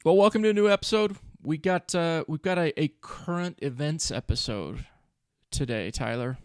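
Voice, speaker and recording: A man's voice: a little high, moderate pace, darkish tone, dry recording, studio quality. A man co-hosting a finance podcast in casual chat, explaining things with frequent restarts. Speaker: podcast co-host.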